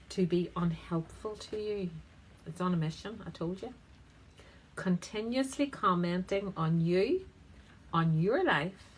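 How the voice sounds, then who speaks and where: A woman's voice: mid-range voice, rough recording. A woman therapist giving a conversational, emphatic self-help talk straight to the viewer. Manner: conversational, emphatic, gently teasing. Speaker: integrative therapist.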